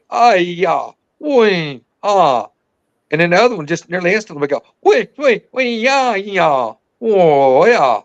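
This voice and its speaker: A man, telling a story as a podcast guest in an excited, rambling way full of fillers. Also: high-pitched, muffled recording. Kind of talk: casual storytelling.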